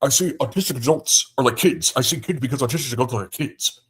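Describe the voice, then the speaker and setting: A man reading out an online critic's words in a mimicking voice, sneering and flat. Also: mid-range voice, quick pace, breathy edge. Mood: mocking.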